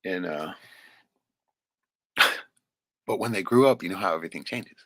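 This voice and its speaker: A man's voice: sits low, unhurried, vocal fry, sharp tone, no room sound. A man telling a personal story in a rambling, profane, casual way, often checking in with "right?".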